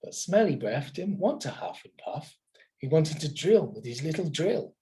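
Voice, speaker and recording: Expressive male teacher reading a story. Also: a little high, moderate pace. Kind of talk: reading a picture book aloud to children.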